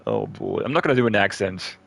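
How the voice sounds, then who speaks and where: A man casually chatting while playing a game on stream, relaxed and a bit salty. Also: fairly low pitch, fast, creaky. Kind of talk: casual let's play chat. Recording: game music behind.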